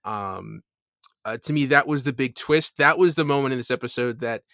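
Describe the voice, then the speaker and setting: A man's voice: mid-range voice, moderate pace, fairly bright tone, no echo, studio quality. A man co-hosting a casual podcast, hesitant and full of restarts and ums as he talks. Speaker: podcast co-host.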